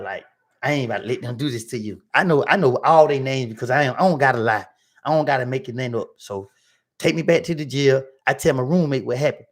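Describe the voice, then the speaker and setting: Gravelly man telling a story. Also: medium pitch. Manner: animated, acting out both sides of arguments in his story; slangy street vernacular. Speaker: livestream host telling a story. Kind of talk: casual storytelling to a livestream audience.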